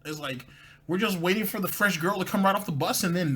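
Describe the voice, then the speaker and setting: Husky man with dry mocking commentary. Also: sits high, quick pace, a bit bright. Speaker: commentary host. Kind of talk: sarcastic commentary over clips.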